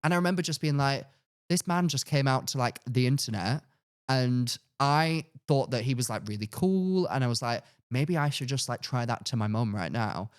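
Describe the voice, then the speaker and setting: A young man, a podcast co-host telling a personal story in a casual, animated way, acting out his own past lines. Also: normal speed, clean tone. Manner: animated, acts out his past self with sudden high-pitched outbursts.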